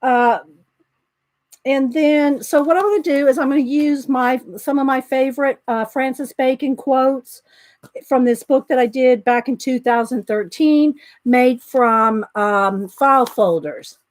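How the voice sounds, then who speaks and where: Middle-aged woman, high-pitched, slightly breathless, rambling livestream host chatting with viewers. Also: a little slow. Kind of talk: casual livestream chat.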